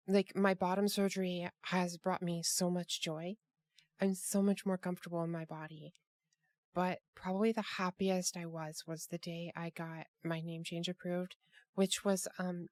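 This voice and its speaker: A woman's voice: on the low side, darkish tone, no echo. Rambling woman host on a dry mic. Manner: rambling, many restarts and fillers. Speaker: podcast host. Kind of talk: casual group chat.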